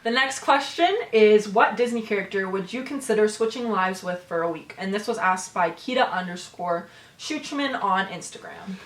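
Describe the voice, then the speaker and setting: A woman's voice: mid-range voice, normal speed, distant mic. A young Canadian woman co-hosting a casual Q&A, friendly and full of fillers. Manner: friendly, filler-heavy, relaxed. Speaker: channel co-host. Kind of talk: casual Q&A chat. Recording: roomy echo.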